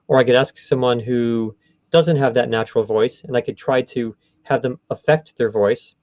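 A man's voice: mid-range voice, fairly even intonation, normal speed, darkish tone, dry recording, muffled recording. A man who runs a voice studio, explaining his field in a conversational interview, often stopping to rephrase. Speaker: voice studio owner.

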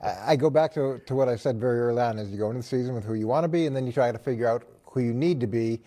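A man on a sports talk show who analyzes football in a measured, explanatory way. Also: mid-range voice, mellow.

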